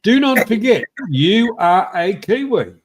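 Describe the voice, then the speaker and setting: A man's voice: sits high, big pitch swings, measured pace. An older man, trading jokey, mocking banter as co-host of a casual chat. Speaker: show co-host.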